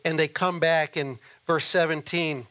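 A male pastor delivering a sermon in an unhurried, measured way. His voice sits a bit high for a man. He leans on repetition and lets his phrases land one at a time. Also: steady tone, pushed and bright. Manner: slow, deliberate preaching with repeated phrases.

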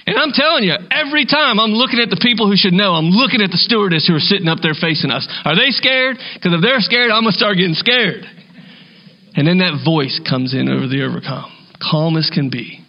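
Impassioned high-voiced preacher man. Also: lo-fi sound. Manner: impassioned, swings between soft and emphatic. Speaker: pastor. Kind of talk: sermon.

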